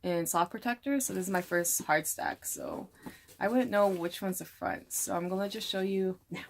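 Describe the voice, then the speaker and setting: A woman's voice: mid-range voice, very animated, moderate pace, gravelly, slight background noise. Chatty young woman rambling through an unboxing. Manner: rambling with many fillers. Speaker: vlogger. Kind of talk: casual unboxing vlog.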